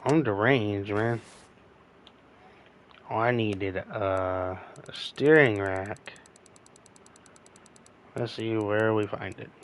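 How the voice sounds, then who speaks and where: A man's voice: lowish voice, drawn-out words, pauses often, a little hiss or hum. A man casually commenting on a car repair game, rambling to himself and yawning now and then. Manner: rambling, talking to himself while working. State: sleepy, yawning. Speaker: gaming streamer.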